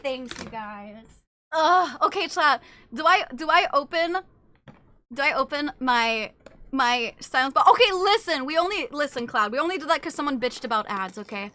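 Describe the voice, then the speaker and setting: A young woman streamer chatting casually with her viewers, excitable and gushing, swearing freely. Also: sits high, normal speed. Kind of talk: casual live-stream chat.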